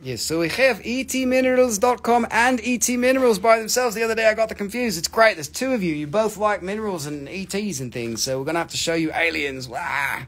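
Excited man selling minerals live. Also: high-pitched, fast talker, few pauses. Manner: animated, reads chat comments aloud, bursts into excited shouts. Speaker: live-stream mineral seller. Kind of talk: live-stream sales chat.

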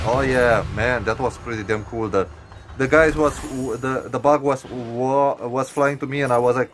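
A young man giving casual gameplay commentary, excitable and profane, stuttering and restarting, with sudden high yelps. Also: normal speed, music in the background.

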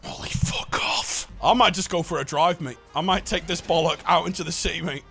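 A man talking over a racing game in a high, gravelly voice that jumps all over the place. He swears freely and ends nearly every line with "mate". Music plays loudly behind him. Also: fast talker. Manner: swears a lot, says "mate" constantly. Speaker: gamer. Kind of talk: casual gaming banter.

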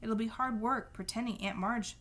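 A woman reading the lines of a cool-headed teenage boy, calm and measured. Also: on the high side. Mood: calm, pleading.

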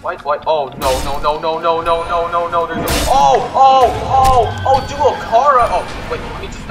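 Excitable high-voiced male gamer. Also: over music. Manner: excitable, panicky, repeats words fast. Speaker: gaming video host. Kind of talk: gaming commentary.

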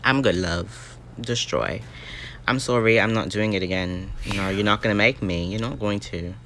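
A man's voice: on the low side, moderate pace, a bit bright, slight background noise. A young man giving dramatic, easily startled commentary on a mobile game as he plays. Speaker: gaming YouTuber.

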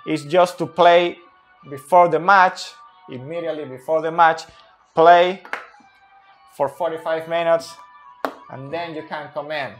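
A man who speaks Spanish natively, analysing football tactics in English, hesitant and pausing often to search for words. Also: on the high side.

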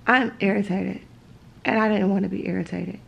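A woman's voice: mid-range voice, fairly even intonation, moderate pace, creaky, husky, muffled recording. Woman vlogger, mid-range voice, drowsy, blunt and profane, loose rambling chat from home. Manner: blunt, swears freely, rambling asides. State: sleepy. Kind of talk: casual vlog chat. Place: at home in her apartment.

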